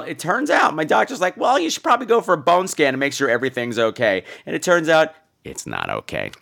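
A man's voice: medium pitch, a bit bright. A man in his thirties hosting a podcast, telling a campy comic story with lots of mock voices. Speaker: podcast host. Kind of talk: comic monologue.

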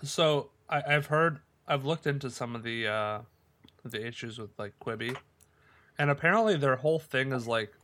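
A man with a bright, clear voice co-hosting a podcast. He talks in loose, rambling casual chat, full of fillers, and keeps laughing at the jokes. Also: medium pitch, normal speed, slight background noise. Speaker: podcast co-host.

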